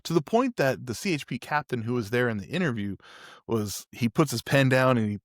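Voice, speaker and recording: A man's voice: mid-range voice, animated, fairly quick, dry recording, studio quality. A man hosting a podcast, telling a personal story in a candid, rambling way with frequent restarts. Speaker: podcast host. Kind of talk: casual storytelling.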